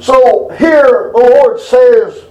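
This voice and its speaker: High-voiced preacher in echoey church. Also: male voice, extremely slow, mellow, recorded from a distance, muffled recording. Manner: folksy down-home preaching with congregation call-and-response. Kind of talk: sermon. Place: church sanctuary.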